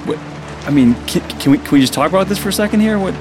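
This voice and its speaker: A man's voice: sits high, expressive, racing, noisy background. An actor playing a panicked man who stammers and repeats his words. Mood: anxious. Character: panicked young man losing his home AI.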